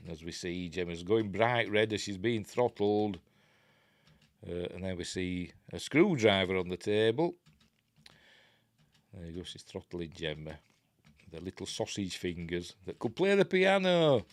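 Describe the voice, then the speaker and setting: Older yorkshire bloke, lowish voice, rambles and chuckles through a movie review. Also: male voice, expressive, a little slow, no room sound. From Yorkshire, England. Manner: rambling, chatty, self-interrupting; wry asides with chuckles. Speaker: film reviewer host. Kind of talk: casual film review chat.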